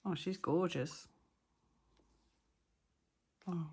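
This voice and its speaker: A woman's voice: fairly low pitch, very slow, warm tone, husky. A middle-aged woman chatting casually through a crafting vlog, gushing and sentimental as she unboxes and works. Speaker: dolls house hobby vlogger.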